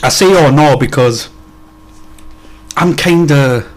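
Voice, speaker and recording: A young man with a Scottish accent, co-hosting a podcast in casual chat, speaking in a measured, hesitant way. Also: on the high side. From Scotland. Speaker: podcast co-host.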